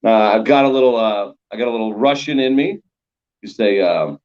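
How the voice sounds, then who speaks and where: A man chatting loosely as a comedian guest, telling animated little stories. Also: medium pitch, a little fast, narrow, tinny audio. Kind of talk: casual comedy chat.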